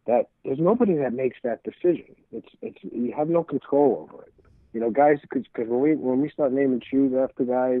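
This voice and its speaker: This medium-pitched man in his 60s rambles through stories as a podcast guest, restarting phrases while acting out old conversations in a casual storytelling interview. The recording is a dry, tinny, phone-like line with no room sound.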